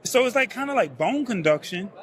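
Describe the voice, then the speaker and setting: A man's voice: very high voice, lively intonation, brisk. A man hosting a tech show, enthusiastically interviewing an exhibitor on a busy trade show floor. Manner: enthusiastic, hyped-up. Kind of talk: casual on-the-floor product interview. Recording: loud crowd chatter behind.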